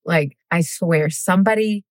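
A woman with a slightly low voice retells a true crime case in a loose, chatty podcast style. She giggles, wanders off on tangents and swears casually. The recording is dry and close to the mic. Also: unhurried, darkish tone, dry recording. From United States. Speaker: podcast co-host telling a true crime story. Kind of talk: casual podcast chat and storytelling.

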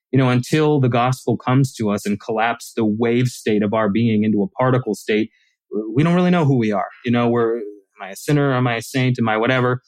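A man's voice: mid-range voice, dry recording, rough recording. A man as an author guest in a casual conversation, telling stories animatedly and acting out quoted lines.

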